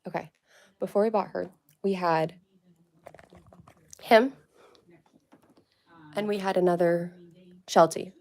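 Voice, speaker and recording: A woman's voice: fairly low pitch, fairly even intonation, takes it slowly, long pauses, darkish tone. Breathless chatty young woman livestreaming. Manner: chatty, rambling, lots of "like" and baby talk to pets. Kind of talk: casual livestream chat. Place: her family home, indoors.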